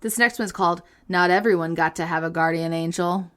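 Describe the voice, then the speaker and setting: A woman's voice: fairly low pitch, brisk. A woman co-hosting a casual podcast, reading listener stories aloud with playful comic asides and frequent laughter.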